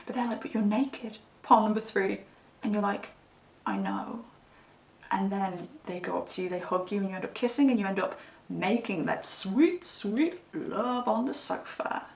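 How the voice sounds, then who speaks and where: A woman's voice: mid-range voice, normal speed, vocal fry, a little mellow. Woman tarot reader, chatty and giggly, recorded from a distance in a reverberant room. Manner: giggly, chatty, breaks into laughter. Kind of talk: casual tarot reading monologue. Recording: echoey room, mic at a distance.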